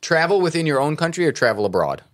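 A man's voice: fairly high pitch, very animated, fast, no room sound, clean studio sound. A man hosting a podcast, reading listener questions aloud in playful casual chat. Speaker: podcast host.

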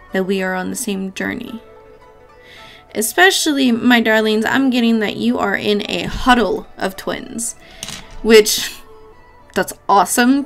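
A woman's voice: a little high, a bit bright. A woman giving a casual pick-a-card tarot reading, chatty and affectionate, with casual swearing. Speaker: tarot reader.

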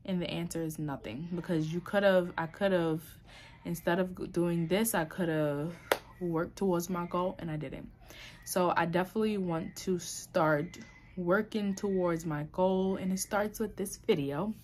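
A woman's voice: lowish voice, fairly even intonation, moderate pace, darkish tone, a little hiss or hum. A young adult woman talking candidly to camera in a personal vlog, reflective and emotional, with many fillers and restarts. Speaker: vlogger. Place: New York City.

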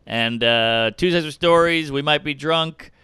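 Emphatic comedian, higher-pitched man. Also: bright, forceful tone, smooth, no echo. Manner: emphatic, quick-riffing, admits to ranting. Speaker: comedian guest. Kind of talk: casual chat about comedy writing.

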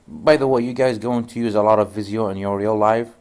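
A man's voice: lowish voice, fairly even intonation, brisk, a little mellow, clean tone. A male networking instructor giving a casual screen-share tutorial, telling stories full of "you know" and "goes like" in non-native English phrasing.

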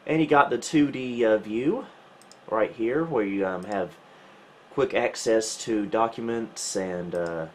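A man hosting a retro computer channel, giving casual gameplay commentary with relaxed, wry, self-mocking asides. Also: on the low side, slow pace, a little hiss or hum.

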